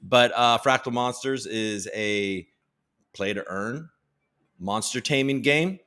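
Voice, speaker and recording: His mid-range voice is slow, sharp, clear and resonant. As a livestream host he rambles and jokes casually, swearing a lot, ribbing his viewers and reading headlines out loud, all in profane, self-deprecating banter.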